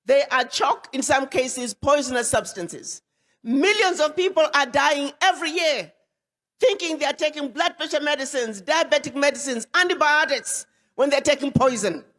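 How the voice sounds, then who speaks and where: A woman's voice: high voice, normal speed, fairly bright tone. A woman, an ambassador giving an emphatic public speech to an audience and repeating words for weight. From Ghana. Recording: long hall reverb.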